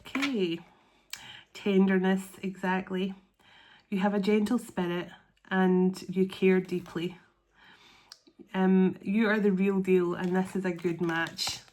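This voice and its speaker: Woman, tarot card reader, mid-pitched voice, soft and earnest, openly emotional, drawn-out words. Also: level tone. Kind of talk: intuitive tarot reading to viewers.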